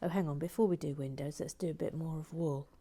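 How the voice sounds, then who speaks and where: A woman hosting a relaxed building stream, chatting playfully, reading comments aloud and laughing. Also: deep voice, quick pace, slight background noise. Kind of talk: casual chat while building.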